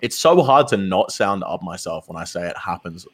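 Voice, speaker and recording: A young man spins a story in a casual chat. His voice sits a little low, and he gets animated and swears freely as he acts out what people said. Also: normal speed. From Australia. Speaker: streamer.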